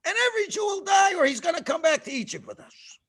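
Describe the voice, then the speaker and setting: A man voicing a cruel, boastful king of Egypt who shouts threats, in a storytelling lesson for children. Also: very high-pitched, sing-song, fast talker, pitched above the performer's own voice, heavily acted. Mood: menacing.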